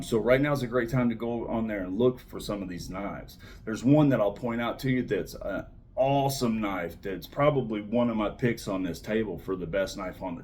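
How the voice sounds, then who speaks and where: A man giving a casual, enthusiastic review of pocket knives, repeating words for emphasis and trailing off softly at the ends of phrases. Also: mid-range voice, a little hiss or hum. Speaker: knife reviewer.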